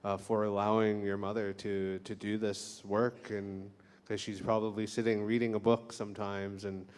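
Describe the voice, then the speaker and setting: A man with a low, even and smooth voice offers heartfelt public thanks, pausing and restarting softly. His words carry a long reverb from a large hall. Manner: soft-spoken, halting with restarts. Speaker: event speaker giving thanks. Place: lecture hall.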